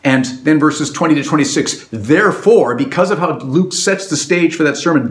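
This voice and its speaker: Pastor, male, mid-pitched voice, earnest expository sermon, roomy church sound. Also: lively intonation. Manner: earnest, slows down and drops low on solemn words.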